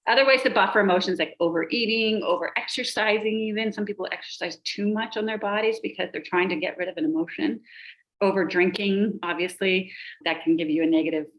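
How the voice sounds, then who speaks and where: A middle-aged woman, a pediatrician and life coach, explaining emotions on a podcast and listing examples in a steady rhythm. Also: mid-range voice, a little fast, rough recording.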